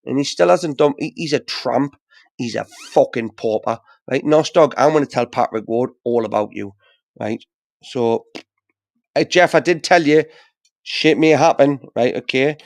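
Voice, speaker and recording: A man's voice: medium pitch, normal speed, gravelly, dry recording. Teasing British man with a dry sound. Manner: teasing, swears freely, rambling. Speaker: panel guest. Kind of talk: casual live-stream banter.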